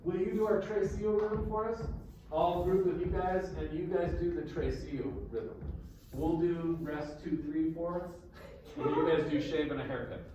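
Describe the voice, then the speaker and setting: Guy teaching rhythm to a class, upbeat, counts out loud, a bit high voiced, mic far off. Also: steady tone, moderate pace, a little hiss or hum. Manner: encouraging, counts beats aloud. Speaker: guitar teacher. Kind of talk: leading a group rhythm class. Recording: roomy, distant mic, music in the room.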